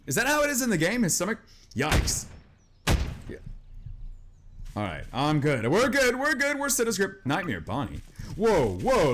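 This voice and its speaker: A man commentating a video game in a high voice that swings all over the place, jumping from chatter to startled yelps and shrieks. Gunfire and clicks from the game are plainly heard under his voice. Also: heavy background noise. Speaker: gameplay commentator. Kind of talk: excited let's-play commentary.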